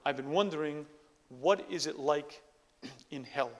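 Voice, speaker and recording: A man's voice: a little high, a little slow, in a large hall, lightly acted. A man voicing a belligerent samurai. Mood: mock-humble. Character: belligerent hot-tempered samurai warrior, adult man.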